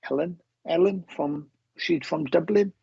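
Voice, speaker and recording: Welsh man, husky, dry close mic; halting live-reading host who repeats himself. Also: on the high side, dark tone, dry recording, highs cut off. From Wales. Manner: halting, repeats words and restarts often. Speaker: medium giving live readings. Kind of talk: live-stream readings to viewers.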